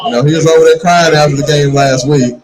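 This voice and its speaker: A middle-aged man hosting a casual sports talk show in a bar, animated and opinionated, repeating words when fired up. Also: a little high, fast talker. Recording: live in a noisy bar crowd. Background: bar crowd chatter.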